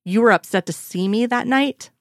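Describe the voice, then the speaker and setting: A woman reading the lines of a middle-aged male federal agent in a dry, gently teasing way. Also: on the high side, moderate pace, no room sound, voice pushed up, close to an everyday voice.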